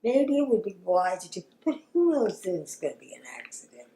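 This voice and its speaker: An older woman, a grandmother, recalling family memories in an interview, speaking haltingly and often dropping to a hushed whisper. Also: medium pitch, sing-song, roomy sound, a little hiss or hum, rough recording. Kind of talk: oral history interview.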